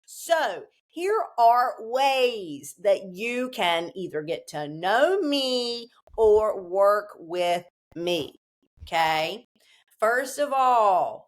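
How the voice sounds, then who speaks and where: A woman guest on an interview show, her voice sitting on the low side. She speaks slowly and emphatically, with a salty, streetwise edge. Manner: profane, emphatic, streetwise delivery. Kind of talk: casual interview answers.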